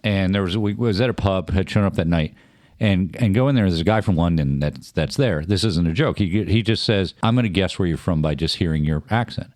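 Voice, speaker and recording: A man's voice: low-pitched, fairly quick, a little mellow, no room sound, studio quality. A man born in Germany co-hosting a radio talk show, telling a chatty anecdote. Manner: chatty storyteller, explains things. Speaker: co-host. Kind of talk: casual chat, anecdote telling. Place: radio studio.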